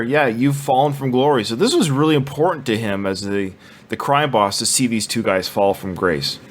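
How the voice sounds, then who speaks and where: A man hosting a casual film podcast, enthusiastic and quick to laugh. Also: mid-range voice, fairly bright tone. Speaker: podcast host running the film audio.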